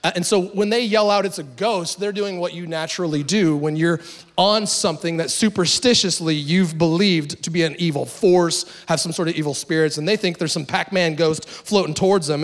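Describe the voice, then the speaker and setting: A middle-aged man preaching a sermon in an animated, conversational way, with dramatic pauses. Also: a little high. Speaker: pastor.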